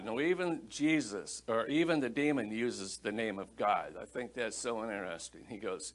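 A man's voice: on the low side, animated, normal speed. A middle-aged male pastor preaching a Bible-teaching sermon in a conversational, storytelling manner and reading scripture aloud.

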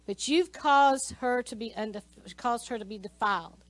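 A woman's voice: on the high side, normal speed, few pauses, no room sound, low-quality recording. A woman teaching a Sunday school class, telling a personal story in a conversational way with many asides. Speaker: church teacher.

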